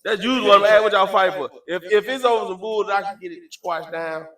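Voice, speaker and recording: A man chatting casually, telling a story with animated, loud acted-out quotes. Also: fast talker. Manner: animated, acts out quotes with sudden loud jumps in pitch. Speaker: podcast host.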